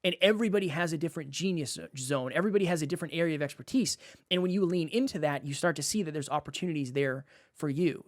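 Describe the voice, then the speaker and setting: A man co-hosting a podcast, talking in an animated way and repeating phrases as he makes his point. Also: a little high, no room sound, studio quality. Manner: animated, uses sports analogies, repeats phrases. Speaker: podcast co-host. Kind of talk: casual podcast talk.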